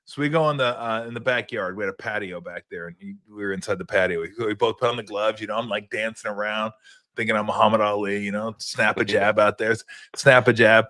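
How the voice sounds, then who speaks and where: A man's voice: fairly low pitch, steady tone, quick pace, pushed and bright, no room sound. A man hosting a sports talk show, playful and chatty, laughing easily while he trades stories. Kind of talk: casual talk show chat.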